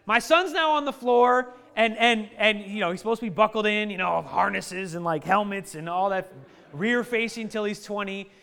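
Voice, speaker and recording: A man in his thirties telling a funny family story to a live audience, lively and joking, often laughing at his own lines. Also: sits high, normal speed, gravelly, smooth. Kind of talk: animated anecdote to a live audience.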